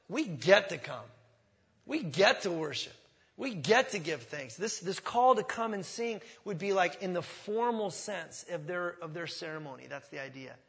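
A pastor preaches in a church sanctuary, speaking conversationally but swelling loud on key words, and coughing now and then. His voice sits high.

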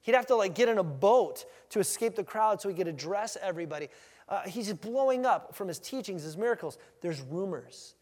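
High-voiced man preaching in a hall. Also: expressive, fairly quick, a little mellow. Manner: conversational, acts out crowd reactions with big swings in pitch and volume. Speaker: pastor. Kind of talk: sermon.

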